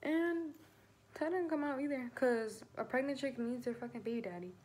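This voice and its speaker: A woman's voice: high-pitched, normal speed, darkish tone, a little hiss or hum. Chatty, cursing pregnant teen girl vlogging. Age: teens. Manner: chatty, swears freely, heavy filler "like". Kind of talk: casual storytelling to camera.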